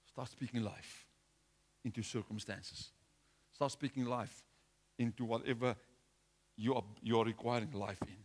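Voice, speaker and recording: A man's voice: mid-range voice, steady tone, moderate pace, pauses often. A man preaching a sermon, exhorting his listeners with repetition and restarts.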